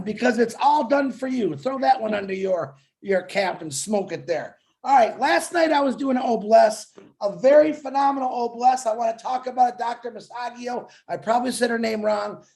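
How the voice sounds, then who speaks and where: A man's voice: very high voice, a little mellow. A man co-hosting a webinar, chatting casually and telling jokey stories with a laugh. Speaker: webinar co-host. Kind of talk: casual promotional webinar chat.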